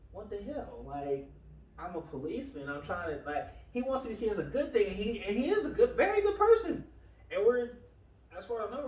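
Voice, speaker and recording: A man's voice: high-pitched, darkish tone. A man hosting a casual podcast, rambling through stories and quoting people as he goes. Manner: rambling, retells stories with quoted voices. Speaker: podcast host. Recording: echoey room, far from the mic.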